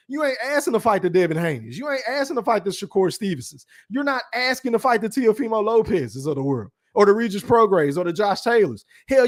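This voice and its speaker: A man hosting a podcast, ranting bluntly and profanely in a casual livestream about boxing while reading chat comments. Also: very high-pitched. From Texas. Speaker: podcast host.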